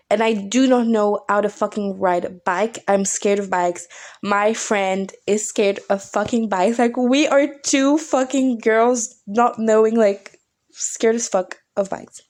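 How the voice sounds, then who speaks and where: A young woman vlogger telling a night-out story casually, swearing often and acting out what everyone said. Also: mid-range voice. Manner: animated, swears a lot, acts out quotes.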